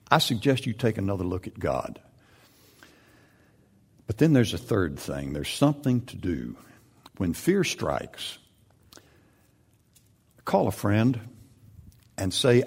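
A man preaching a sermon, building into loud, emphatic peaks as he retells and presses his points. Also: lowish voice.

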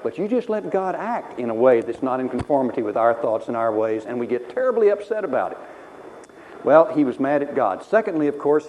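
A man preaching a sermon, animated, acting out the lines he quotes. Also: mid-range voice, slight background noise, poor audio. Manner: animated, voices quoted speakers dramatically.

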